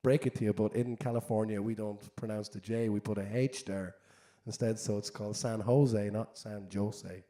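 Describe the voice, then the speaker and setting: A man putting on a brash high-voiced Californian billionaire. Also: flat delivery, brisk, hardly any pauses, warm tone, lightly acted. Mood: smug.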